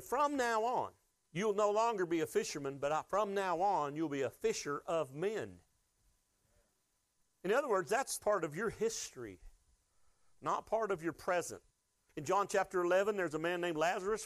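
High-voiced animated preaching man. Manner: animated storytelling preacher, addresses the congregation directly. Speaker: pastor. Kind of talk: sermon.

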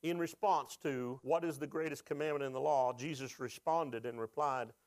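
A man's voice: mid-range voice, moderate pace, no echo. A pastor preaching a sermon, asking the congregation questions and rising with emotion as he is moved.

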